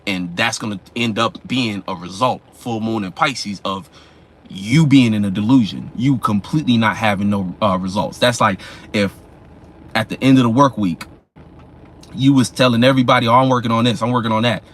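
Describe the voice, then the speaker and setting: A man's voice: fairly low pitch, fairly bright tone. A man giving a casual astrology talk in a loose, profane, slangy way. He often asks "you know what I'm saying" and acts out the people in his examples. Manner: acts out imagined people in quick voices. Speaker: astrology vlogger.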